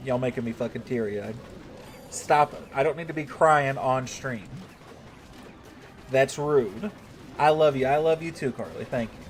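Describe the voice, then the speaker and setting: A man's voice: mid-range voice, measured pace, pauses often, slight background noise. A man chatting casually on a live game stream, joking with his chat and swearing now and then.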